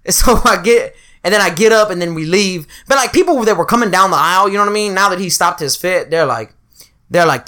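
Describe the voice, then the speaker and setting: A man telling crude, animated stories in a casual chat with a friend. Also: sits high, fast talker.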